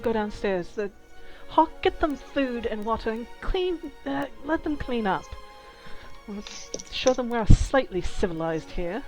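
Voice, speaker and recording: A woman's voice: on the high side, animated, measured pace, a little mellow, soft background music, low-quality recording. A woman voicing a fiery, short half-elf innkeeper who swears and gives brusque orders. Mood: commanding.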